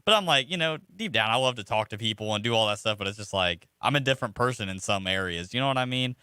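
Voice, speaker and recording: Young man, radio co-host, quick talker, bright clear voice, easygoing rambling. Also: fairly low pitch, lively intonation, dry recording, studio quality. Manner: rambling, easygoing, lots of fillers. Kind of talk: casual radio chat.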